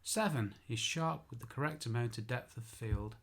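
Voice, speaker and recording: Medium in pitch and moderate in pace, this man is an architectural photographer giving a casual spoken tutorial. Along the way he chats, pokes fun at himself, and corrects himself out loud.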